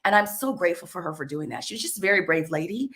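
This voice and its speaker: Bright, animated woman guest. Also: on the low side, very fast, slight background noise. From Southern United States, Arkansas. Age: adult. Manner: animated storyteller, laughs often. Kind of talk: conversational interview.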